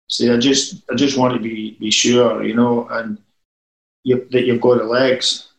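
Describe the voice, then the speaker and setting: A man's voice: medium pitch, steady tone, unhurried, pauses often, roomy sound, poor audio. A man, a former football manager telling rambling anecdotes in a casual interview.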